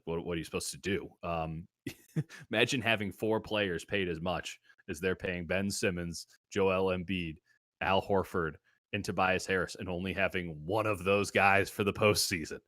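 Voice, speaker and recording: A man's voice: low voice, steady tone, normal speed, fairly bright tone, no echo, studio quality. A man hosting a sports betting show, giving his picks in casual talk and riffing with comic exaggeration. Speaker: sports betting podcast host.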